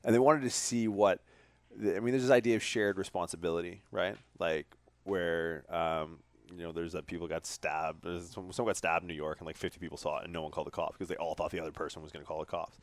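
A man's voice: low-pitched, quick pace, no room sound. A man, hosting a podcast and telling rambling, profane stories in casual chat. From Canada. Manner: profane, rambling, energetic storytelling. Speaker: podcast host.

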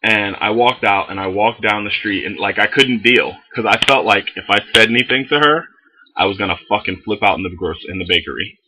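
Give me a young man with a very bright, husky voice, ranting through a story on his vlog. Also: fairly low pitch, fairly quick, rough recording. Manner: animated, heavy swearing, lots of fillers. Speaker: vlogger.

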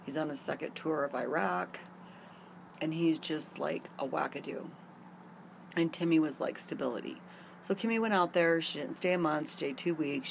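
A woman's voice: low voice, creaky, noisy background. A middle-aged woman telling a long personal story to camera in a rambling, candid way with many fillers, recorded outdoors in a garden. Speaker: vlogger.

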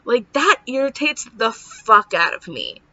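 A woman's voice: on the high side, very animated, unhurried, bright, forceful tone, lo-fi sound. A woman in her thirties venting in a casual vlog, talking in frustrated runs full of "like". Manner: frustrated ranting, lots of "like". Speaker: vlogger.

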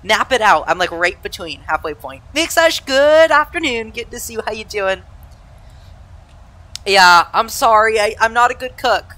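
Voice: medium pitch, lively intonation, normal speed, sharp tone. A young adult from Southern California casually chatting on a live stream, reading and answering chat while flying, laughing easily and poking fun at themself. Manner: laughs easily, self-deprecating. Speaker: flight sim streamer.

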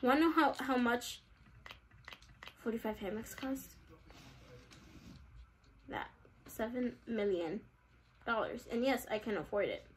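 A woman's voice: fairly high pitch, measured pace, long pauses, a little hiss or hum. A young woman vlogger giving casual, chatty commentary while playing a game, with giggly, exaggerated reactions. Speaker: gaming vlogger.

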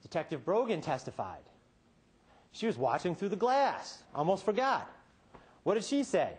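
A defense attorney with a high-pitched, husky, sing-song male voice closes his case before a courtroom jury. He presses rhetorical questions, pausing dramatically and flipping between quiet and emphatic delivery.

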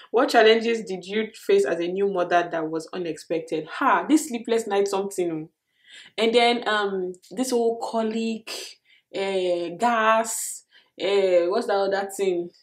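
A young woman with a Nigerian accent talks through viewer questions in a relaxed vlog. She is expressive and animated, laughing often and trailing into fillers. Her voice sits at an ordinary middle pitch. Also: slow pace. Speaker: vlogger answering viewer questions. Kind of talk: casual Q&A vlog.

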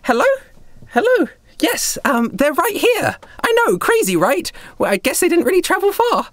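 Guy putting on a squeaky upbeat jellyfish girl agent, super cheery, lively. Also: normal speed, no room sound, heavily acted. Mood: excited. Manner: cheery, overly optimistic, apologetic.

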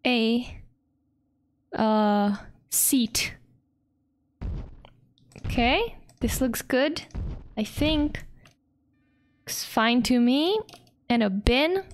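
A young woman streaming a park-building game, excitable, swearing a lot and laughing often. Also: high voice. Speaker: vtuber streamer. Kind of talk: casual gameplay commentary.

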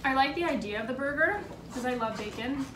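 A young woman from Canada in her twenties, a guest friend in a casual chat mukbang, relaxed and sarcastic. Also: high-pitched, brisk. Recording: echoey room, distant mic, clear noise.

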